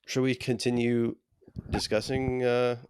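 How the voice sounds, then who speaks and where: A man co-hosting a podcast, trading deadpan, profane jokes in casual banter over a remote call. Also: medium pitch, measured pace, clear, resonant tone, no room sound, clean studio sound. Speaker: podcast co-host. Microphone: remote call mic.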